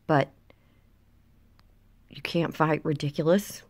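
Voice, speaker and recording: Outspoken Southern woman vlogger with a slightly low voice, filming on a close phone. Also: lively intonation, normal speed, pauses often. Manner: blunt, profane, dips into whispers for emphasis. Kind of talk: blunt opinion rant to camera. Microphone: phone held close.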